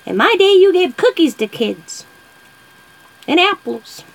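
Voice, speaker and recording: A woman voicing a feisty, cheeky woman in her nineties, in a shrill, sassy drawl. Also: very animated, unhurried, a little hiss or hum, exaggerated voice. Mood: fond.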